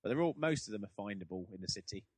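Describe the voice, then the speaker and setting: A young man talks through a casual podcast chat, rambling and poking fun at himself. His voice sits low and is recorded close on a very dry mic with no room sound. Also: animated, rapid-fire, husky, dry recording. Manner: chatty, rambling, self-deprecating. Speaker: podcast host.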